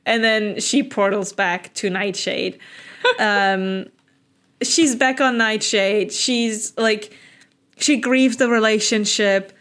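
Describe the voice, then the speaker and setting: This is a woman co-hosting a podcast and recounting a book's plot in loose, casual chat. She talks with an animated rhythm, slips into quick voiced asides for the characters, and keeps laughing at how absurd it all is. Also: mid-range voice. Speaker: podcast co-host. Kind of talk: casual chat recapping a book.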